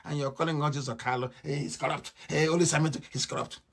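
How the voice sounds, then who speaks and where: A man giving a fiery political address, impassioned and swinging from shouts to low mutters. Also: fairly even intonation, fast talker. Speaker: activist speaker.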